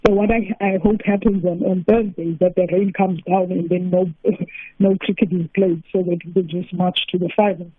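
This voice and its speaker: A man's voice: sits high, little pitch movement, normal speed, husky, no echo. A man from South Africa calling into a radio sports show, hesitant and repeating words. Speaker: caller. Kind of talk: phone-in chat. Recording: tinny phone line.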